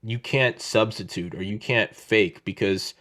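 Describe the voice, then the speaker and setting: A man's voice: on the low side, measured pace. Rambling, profane man hosting a podcast. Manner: rambling, profane, animated storytelling. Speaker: podcast host. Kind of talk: casual chat. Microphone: own microphone over video call.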